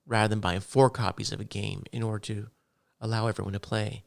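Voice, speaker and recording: A man's voice: on the low side, a little fast, gravelly. A middle-aged man co-hosting a gaming podcast in casual, rambling chat. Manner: rambling, relaxed, self-correcting. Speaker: podcast co-host.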